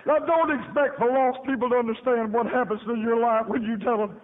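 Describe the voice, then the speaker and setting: High-voiced man preaching over tinny radio. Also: fairly even intonation, fairly quick. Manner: folksy, emphatic, laughing often, repeats phrases. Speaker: preacher giving his testimony. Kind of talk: sermon testimony storytelling. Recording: tinny phone-like radio broadcast.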